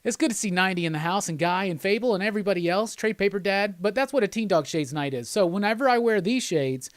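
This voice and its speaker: A man's voice: high voice, lively intonation, fast talker, no room sound, clean studio sound. A man hosting a live stream, chatting casually in a loose, rambling, jokey way and reading out viewer comments.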